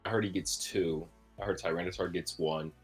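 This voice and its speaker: A man's voice: deep voice, fairly even intonation, a little fast, breathy edge, faint music behind. A man co-hosting a podcast in a casual chat, talking enthusiastically and rambling with fillers. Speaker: podcast co-host.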